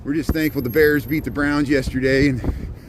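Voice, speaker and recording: A man's voice: medium pitch, steady tone, normal speed, a little hiss or hum, low-quality recording. Chatty man on a street walk. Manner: rambling, chatty, greets and answers viewers. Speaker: vlogger giving a city walking tour. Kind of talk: casual walking livestream chat. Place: outdoors on a cold, windy city street.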